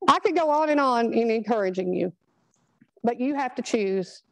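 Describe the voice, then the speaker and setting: A woman's voice: a little high, animated, moderate pace, no echo, low-quality recording. A middle-aged woman, giving a chatty, earnest motivational talk to a live group. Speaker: speaker at a product training.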